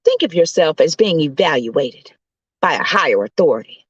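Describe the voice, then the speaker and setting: A woman host preaching as a self-described coach preacher, emphatic and hollering, her voice swinging high and low. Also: sing-song, normal speed, slightly rough, no echo, lo-fi sound.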